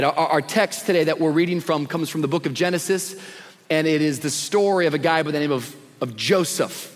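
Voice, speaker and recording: High-voiced casual man preaching in a hall. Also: animated, moderate pace. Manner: casual and slangy, preaching with energy. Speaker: guest pastor. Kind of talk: live sermon. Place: church sanctuary with a congregation. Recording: long reverb of a big hall.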